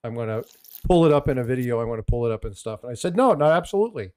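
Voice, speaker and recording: A man's voice: medium pitch, very fast, mellow, smooth, no room sound. A man hosting a casual coin channel, rambling through stories and a joke with many restarts. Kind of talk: casual chat.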